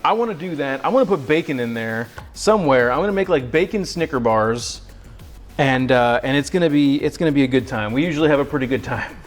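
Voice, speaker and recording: Faint music plays behind a man hosting a cooking livestream in his home kitchen. His mid-range voice is expressive and brisk, and he's winded from sawing as he jokes, rambles, and trades self-deprecating banter with chat while working.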